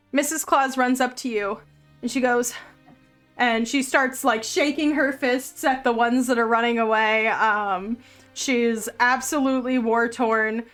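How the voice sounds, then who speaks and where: Slow-spoken woman narrating a tabletop game. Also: fairly high pitch, a bit bright. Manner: unhurried, descriptive storytelling. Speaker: game master.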